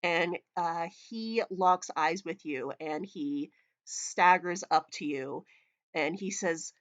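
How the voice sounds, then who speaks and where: A woman narrating a tabletop game as game master, hesitant, with many ums and pauses. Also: fairly low pitch. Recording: muffled lo-fi voice chat audio.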